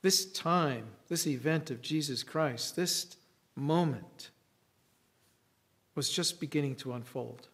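Male preacher, sermon, slow deliberate delivery, fairly high voice, reflective pauses. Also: fairly bright tone.

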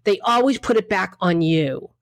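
A woman's voice: medium pitch, expressive, normal speed, no echo, studio quality. A woman co-hosting a casual chat, talking frankly and emphatically with some swearing and lots of restarts. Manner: emphatic, frank, mildly profane, rambling with restarts.

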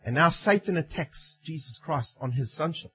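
A man's voice: fairly high pitch, lively intonation, moderate pace, breathy edge, dull audio, faint music behind. A man preaching a sermon in an emphatic way, acting out the quoted lines.

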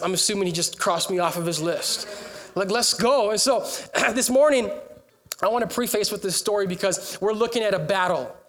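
A man preaching a sermon in a humorous, storytelling way, joking with and rallying his congregation. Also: high voice. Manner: animated, joking, rallying the crowd.

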